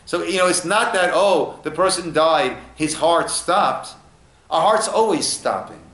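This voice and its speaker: A male rabbi teaching an informal study class, unhurried and acting out little dialogues as he explains. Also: a little high, expressive, fairly bright tone. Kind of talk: informal text study lesson. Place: echoey room at a lunch study group. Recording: roomy echo.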